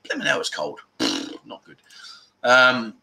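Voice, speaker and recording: A man's voice: medium pitch, huge pitch swings, unhurried, gravelly, bright, forceful tone. A middle-aged man hosting a casual livestream, rambling and chatty, reading out viewer comments and swearing now and then. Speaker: livestream host.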